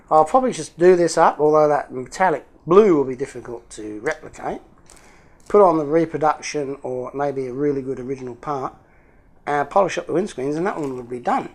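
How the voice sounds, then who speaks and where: A man's voice: on the high side, creaky. A man hosting a casual unboxing video, chatty and jokey, thinking aloud as he opens parcels. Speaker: YouTube hobby channel host.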